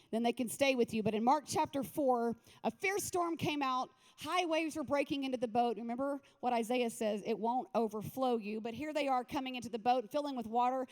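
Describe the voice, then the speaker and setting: A woman pastor giving a lively, joking, conversational sermon at a women's retreat. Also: high-pitched.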